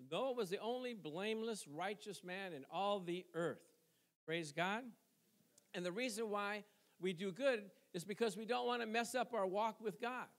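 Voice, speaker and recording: High-voiced man preaching conversationally. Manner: conversational preaching with call-and-response asides and chuckles. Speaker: pastor. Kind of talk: sermon.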